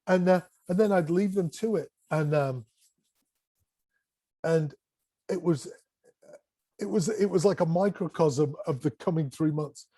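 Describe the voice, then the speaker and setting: A man telling classroom stories in an animated way, swearing casually and acting out what people said. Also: fairly high pitch, a little slow, pauses often, no echo. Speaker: guest, music educator. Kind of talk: casual conversation, storytelling.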